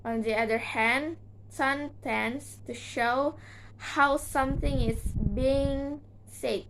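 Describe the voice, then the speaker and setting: Slow, halting young woman presenting. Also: high-pitched, steady tone, a bit bright, low-quality recording. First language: Indonesian. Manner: slow, halting delivery with frequent "uh" fillers and restarts. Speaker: student presenter. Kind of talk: reading a class presentation.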